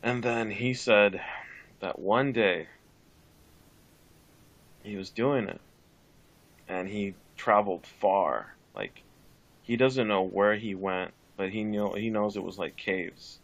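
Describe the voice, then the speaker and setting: A man's voice: on the low side, slow, creaky, long pauses, a bit bright, dull audio. A man who is a guest on a podcast, retelling a story in loose casual chat full of "like" and swearing.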